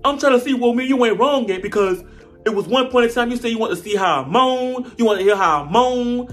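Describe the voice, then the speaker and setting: A man's voice: very high voice, animated, brisk, fairly bright tone, faint music behind, pitched above the performer's own voice. A man voicing a brash, confrontational woman from a reality show, complaining indignantly.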